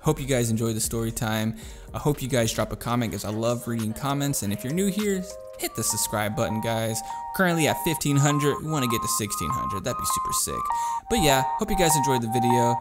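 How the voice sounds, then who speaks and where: A man's voice: mid-range voice, a little fast, over music. Swearing young man telling a story. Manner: animated storyteller, acts out voices, swears casually. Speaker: YouTuber. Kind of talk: casual story time.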